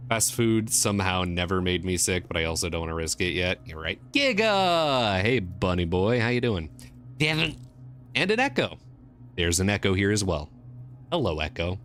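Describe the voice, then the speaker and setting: A man chatting casually on a live stream, excitable, swinging from mumbles to squeals. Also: low-pitched.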